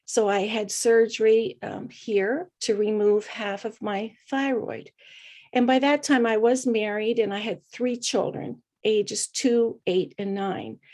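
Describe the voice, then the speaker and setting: A middle-aged woman with a voice pitched a little high tells her own story as a podcast guest. She speaks earnestly and reflectively, often pausing on small hesitant fillers. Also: dark tone. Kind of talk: personal storytelling.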